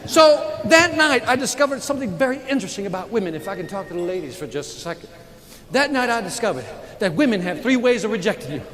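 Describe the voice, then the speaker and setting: A man's voice: high voice, fast talker. A man giving a motivational keynote speech in a large conference hall, telling stories with energy and calling out to the audience. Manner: energetic, animated storytelling with audience call-outs. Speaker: keynote speaker. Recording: echoey hall with live audience.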